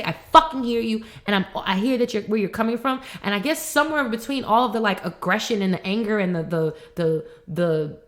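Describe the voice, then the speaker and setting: A woman's voice: medium pitch, a bit bright. Frustrated, rambling woman podcast co-host. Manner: frustrated, rambling, swears often. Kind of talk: heated casual conversation.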